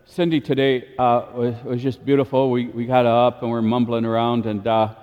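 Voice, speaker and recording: A Catholic priest giving a daily homily in a lively, informal way, chuckling often. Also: male voice, mid-range voice, moderate pace, in a large hall, muffled recording. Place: church.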